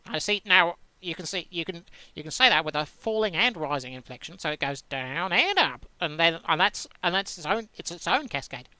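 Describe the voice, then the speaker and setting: A man chatting through a solitaire game in a bright, crisp voice. He rambles, cuts himself off mid-phrase and plays with words in a dry, wandering way, recorded close and dry with no room sound. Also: a little high, sing-song, brisk, hardly any pauses, dry recording. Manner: rambling, self-interrupting, musing aloud to himself; dry playful wordplay. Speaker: host playing solitaire on screen. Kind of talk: casual gaming commentary.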